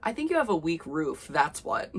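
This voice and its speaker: A smirking, easygoing punk teenage boy with a low voice, read out by a woman. He speaks casually and teases, as if nothing fazes him. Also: very animated, normal speed, breathy edge, full character voice. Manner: laid-back, smirking.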